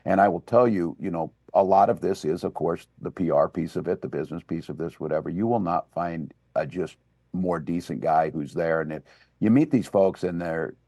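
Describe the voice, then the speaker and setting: A man in his sixties, a governor chatting as a guest, who tells stories and gets excited and laughs easily. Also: sits low, moderate pace, no echo, studio quality. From Minnesota. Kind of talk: casual chat.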